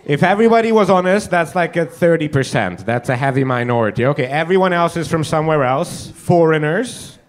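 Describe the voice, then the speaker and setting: A man doing stand-up crowd work on a club stage, teasing the audience with quick asides. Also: on the high side, lively intonation. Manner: teasing, quick asides, frequent put-on quotes. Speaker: stand-up comedian hosting.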